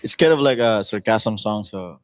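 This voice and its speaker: Low-voiced Filipino man, frank and impassioned. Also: lively intonation, normal speed, crowd noise. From Philippines. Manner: frank, impassioned, repeats words. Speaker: music group member on a livestream. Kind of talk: casual chat.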